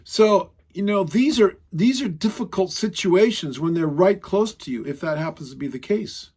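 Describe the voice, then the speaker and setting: Guy preaching w a high voice, chatty and emphatic, drags out the big lines. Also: lively intonation, darkish tone, slightly rough. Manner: emphatic, conversational, quotes scripture with dramatic slowdowns. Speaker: Bible teacher. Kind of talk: sermon teaching.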